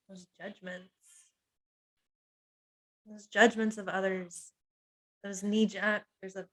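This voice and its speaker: A woman's voice: mid-range voice, flat delivery, slow pace, long pauses, fairly bright tone, rough recording. A woman hypnotherapist talks through a masterclass in a confiding, personal way. She lists painful feelings one at a time in short, weighted phrases. Small laughs slip in between her words. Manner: earnest and confiding, draws on her own life. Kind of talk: personal teaching talk on emotional pain.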